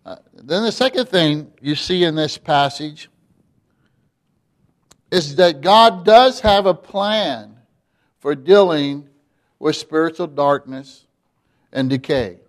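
A man's voice: fairly high pitch, lively intonation, takes it slowly, pauses often. Emphatic preacher man. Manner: emphatic, drops to quiet then rises loud. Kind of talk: sermon.

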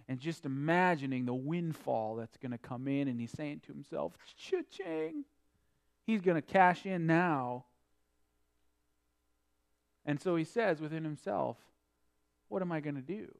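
Man, pastor, sermon, high-pitched voice, alternates soft and emphatic delivery. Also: lively intonation, a little slow, pauses often. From North Dakota. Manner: swings from quiet to loud, preaching with emphasis.

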